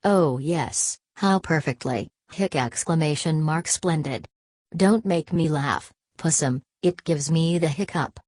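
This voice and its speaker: A man's voice: a little high, slow, darkish tone, no room sound. A woman reading an audiobook, voicing a tipsy, giggling young man who squeals and hiccups. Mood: tipsy, gushing.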